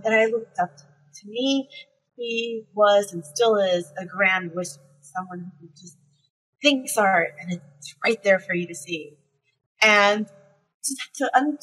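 A woman guest telling a candid, reflective story about her work, with frequent ums and soft laughs. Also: medium pitch, slightly rough, rough recording. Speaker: concept artist guest.

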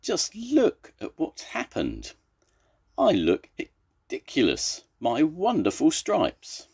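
A man's voice: a little high, huge pitch swings, slow pace, darkish tone, husky, pitched above the performer's own voice, full character voice. An older man doing a fussy hiccuping zebra. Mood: flustered. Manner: hiccuping mid-sentence, proud, fretful.

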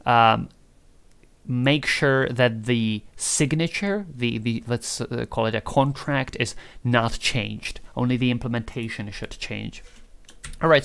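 A man's voice: mid-range voice, creaky, a bit bright. A man talking loosely through a tutorial, thinking aloud, joking and swearing casually. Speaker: programming tutor. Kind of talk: casual screen-recorded tutorial.

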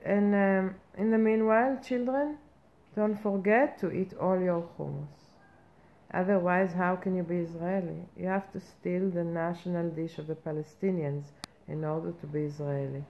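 A woman playing a blustering satirical reporter, low and creaky. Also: fairly even intonation, normal speed, close to an everyday voice. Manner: mock-earnest, blustering rant with outraged questions. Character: self-important female Israeli reporter persona, brash and ranting. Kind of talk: satirical comic monologue. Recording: muffled lo-fi recording with faint background noise.

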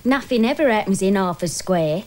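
An actress playing a gloomy middle-aged mum, who moans and sighs about everything. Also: female voice, mid-range voice, lively intonation, normal speed, a little mellow, natural voice. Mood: glum. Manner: glum and sighing.

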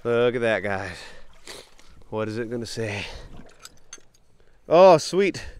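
A young man, chatting excitedly to viewers while wading a creek, sniffling from allergies. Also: on the low side, measured pace, smooth, no room sound. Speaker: bottle-hunting vlogger. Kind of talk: casual outdoor vlog narration. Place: outdoors in a creek.

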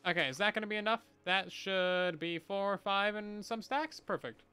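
In a high, bright and forceful voice that sounds smooth, a man chats playfully with his livestream viewers as he games, at a moderate pace. Faint music plays behind him, and he has bursts of mock panic.

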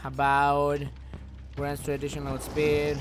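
Over loud background music and a noisy setting, a man streams a horror game live in an unhurried way. He's a native Spanish speaker, excitable and foul-mouthed, alternating between shouted outbursts and quiet muttering.

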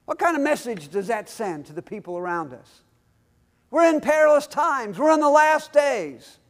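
High-pitched guy preaching a sermon in church, punchy, keeps asking the crowd "amen?". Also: big pitch swings, moderate pace. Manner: emphatic preaching with call-and-response questions. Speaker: pastor.

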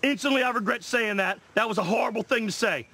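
Kenny Powers, a profane loudmouth. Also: male voice, high-pitched, quick pace, gravelly, a little hiss or hum, full character voice. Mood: shouting apology. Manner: profane, shouting, blustering. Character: brash hot-tempered washed-up man, yelling.

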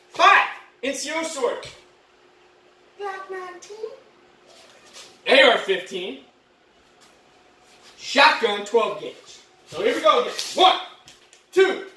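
A woman playing a boastful, rambling male ex-Marine patriot dad in a comedy monologue, shouting one moment and muttering the next. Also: full character voice. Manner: boastful, rambling, shouts then drops low. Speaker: comedy vlogger. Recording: roomy echo, mic at a distance.

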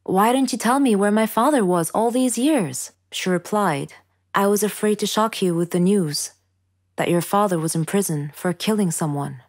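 Female story narrator, middle pitch, calm, measured scripted delivery.

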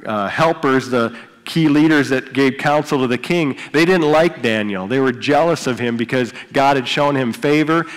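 Man preaching in a reverberant church hall. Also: mid-range voice. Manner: conversational preaching, retells Bible stories with asides. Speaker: pastor. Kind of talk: sermon. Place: church sanctuary.

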